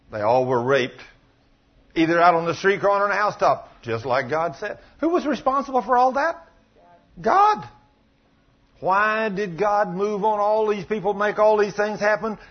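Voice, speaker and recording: A man preaching a sermon, retelling a story, dropping to low murmurs and rising to loud exclamations. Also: husky. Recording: dull lo-fi recording.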